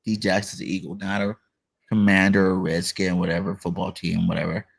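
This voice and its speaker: A man's voice: low-pitched, little pitch movement, fairly quick, creaky, husky. A man hosting a casual football talk stream, hyped and playful, reading chat comments and debating a rival fan. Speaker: show host. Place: online live stream.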